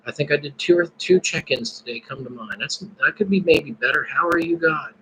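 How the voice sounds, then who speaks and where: A man's voice: on the high side, fairly quick, fairly bright tone, a little hiss or hum, poor audio. A man hosting a casual live stream, musing and praying aloud between his thoughts. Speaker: podcast host.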